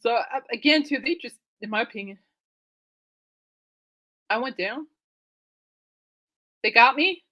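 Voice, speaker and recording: A woman's voice: on the high side, lively intonation, measured pace, long pauses, bright, forceful tone, low-quality recording. A woman hosting her own podcast live, rambling casually with lots of fillers and exclamations. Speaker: podcast host. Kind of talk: casual live-stream chat.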